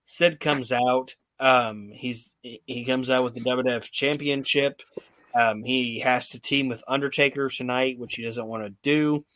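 A man's voice: mid-range voice, fairly even intonation, measured pace, fairly bright tone, no echo. A male podcast host recapping old wrestling shows in casual, profanity-laced storytelling.

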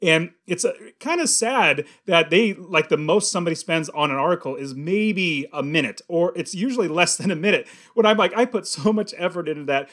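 A man's voice: on the high side, animated, brisk, hardly any pauses, a bit bright, dry recording, studio quality. A middle-aged man hosting a podcast, talking earnestly and emphatically in a casual interview. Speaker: podcast host.

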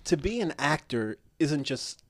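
A man talking as the guest actor in a casual interview, relaxed, laughing easily and using lots of fillers. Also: fairly high pitch, measured pace.

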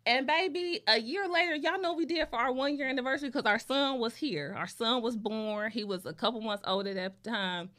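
A woman's voice: on the high side, brisk, hardly any pauses, fairly bright tone. A woman in her thirties telling a story in a casual chat and talking straight to the audience as y'all. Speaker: guest.

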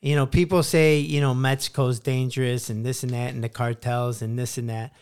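A man's voice: mid-range voice, level tone, brisk, a little mellow, smooth. A man in casual podcast chat, laid-back, filling his talk with "you know" and encouraging his co-host.

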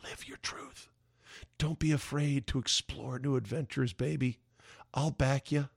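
A man doing a whispered role-play of a coaxing new-age Hollywood woman, cooing softly. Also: medium pitch, steady tone, unhurried, gravelly, breathy edge, no room sound, clean studio sound.

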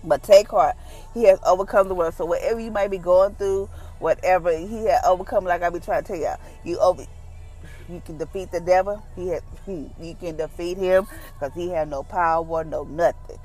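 A woman's voice: lowish voice, moderate pace, soft background music, poor audio. Woman giving a casual devotional talk. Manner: conversational, relaxed, folksy. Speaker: devotional podcast host.

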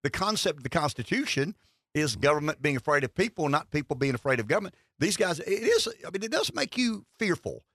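A man's voice: on the high side, brisk, no room sound, clean studio sound. A man hosting a talk radio panel, speaking emphatically with a Southern American accent. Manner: animated and emphatic. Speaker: radio show host.

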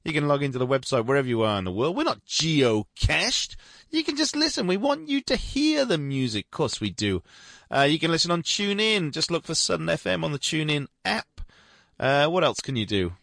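A man's voice: a little high, huge pitch swings, a little fast, gravelly, a bit bright, no echo. A man hosting a radio music show, chatting casually and rambling in an upbeat way from a radio studio. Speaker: radio host.

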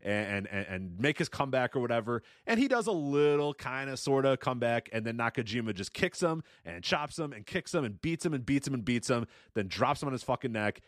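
A man's voice: medium pitch, a little fast, hardly any pauses, no echo, clean studio sound. A man co-hosting a wrestling podcast, talking casually and swearing freely. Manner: animated, swears freely, mimics announcers. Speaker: podcast co-host.

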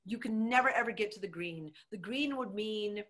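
A middle-aged woman, a former mayor, telling her story with emphatic, animated energy in a conversational interview. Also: medium pitch, moderate pace.

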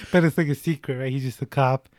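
A man's voice: medium pitch, moderate pace, a little mellow, no room sound, studio quality. A man in his twenties hosting a casual movie chat, chatty, with lots of fillers and laughter. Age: 20s. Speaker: movie reaction host.

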